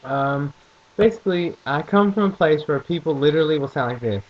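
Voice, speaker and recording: A man's voice: fairly high pitch, a little fast. Rambling young man with a Southern lilt. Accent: mild Southern US. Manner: rambling, joking, a bit crude. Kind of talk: casual vlog monologue. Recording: dull lo-fi recording.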